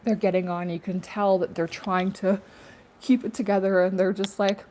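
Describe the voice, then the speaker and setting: Mellow-voiced woman rambling in a vlog. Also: mid-range voice, little pitch movement, normal speed. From Canada. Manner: rambling, laughing to herself, many fillers. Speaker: spiritual YouTuber. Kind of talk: casual spiritual vlog monologue.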